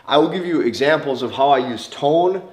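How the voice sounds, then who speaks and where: His voice a little high, expressive and slightly mellow at normal speed, this North Dakota-accented dating coach delivers an emphatic lesson to camera. He repeats important phrases and keeps checking in with "okay?", all in an echoey room.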